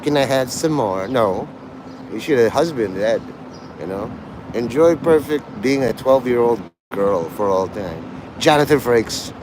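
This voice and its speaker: A man's voice: mid-range voice, lively intonation, unhurried, background noise. Taunting male streamer, sing-song delivery. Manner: abrasive, taunting and erratic. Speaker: livestreamer talking to his chat. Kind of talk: rambling live-stream chat.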